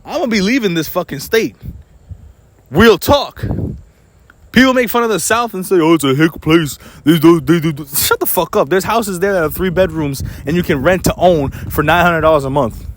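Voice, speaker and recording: Young male vlogger with a high voice, angry and profane, ranting straight to camera. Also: slight background noise. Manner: angry, profane, rapid-fire complaining; mocks others in put-on quoting voices. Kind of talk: ranting monologue.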